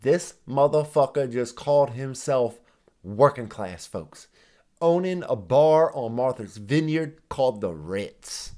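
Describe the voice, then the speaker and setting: A man's voice: medium pitch, lively intonation, slow, mellow. A man hosting a reaction video, ranting heatedly and sarcastically with constant swearing and mocking asides. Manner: mimics others in exaggerated voices. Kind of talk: profane ranting commentary.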